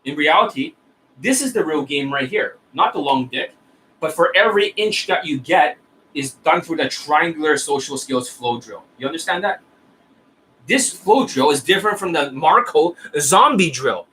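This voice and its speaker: A man delivers a scornful, profane coaching rant in a bright, forceful voice that sits a little high. He keeps jabbing at his listeners with "right?" and "you see that?", and a faint hiss runs under the recording. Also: animated, moderate pace, rough recording. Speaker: dating coach. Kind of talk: ranting coaching monologue.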